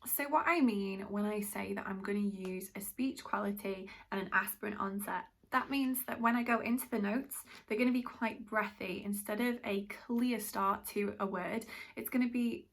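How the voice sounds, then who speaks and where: A woman's voice: mid-range voice, a bit bright. A woman from Britain, teaching a musical theatre masterclass in a chatty, explanatory way. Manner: chatty, explanatory, self-aware. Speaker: drama teacher.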